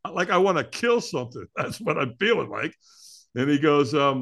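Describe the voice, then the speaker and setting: A man's voice: fairly high pitch, sing-song, normal speed, creaky, fairly bright tone. A middle-aged man, a podcast guest, telling a personal story candidly and with energy, often restarting his sentences.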